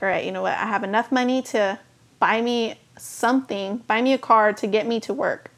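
A young woman sharing her own life story in a candid personal testimony, earnest and emotional, with many "like" fillers. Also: mid-range voice.

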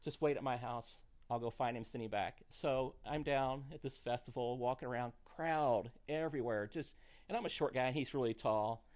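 Man telling an animated comic story. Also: mid-range voice, normal speed. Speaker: comedian guest. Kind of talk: podcast storytelling.

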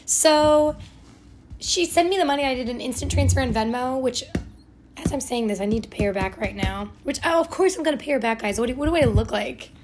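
A woman's voice: high-pitched, animated, a little fast, background noise. A young woman from Ohio hosting a podcast, telling a rambling, self-deprecating story full of "like" and self-corrections. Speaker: podcast host. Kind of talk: casual storytelling monologue.

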